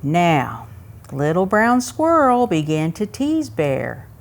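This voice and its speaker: A woman reading a picture book aloud to young children at a museum story time, pausing to ask them questions. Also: on the low side, creaky. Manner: asks young listeners questions, expressive.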